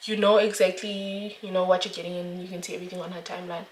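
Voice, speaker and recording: A woman's voice: on the low side, little pitch movement, fast talker, roomy sound, a little hiss or hum. A young woman vlogger chatting candidly while doing her makeup, laughing often. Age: young adult.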